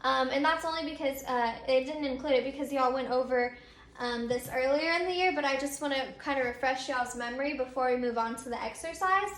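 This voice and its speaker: A woman's voice: high voice, fairly quick, a bit bright. A young woman teacher, patiently explaining a grammar lesson step by step with frequent ums. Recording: echoey room.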